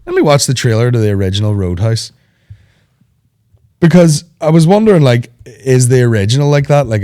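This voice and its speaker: A man with a cold, a comedian hosting a podcast in casual chat, telling stories with lots of swearing and laughter. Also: medium pitch. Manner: sweary, animated storytelling, laughs often. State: sick with a cold.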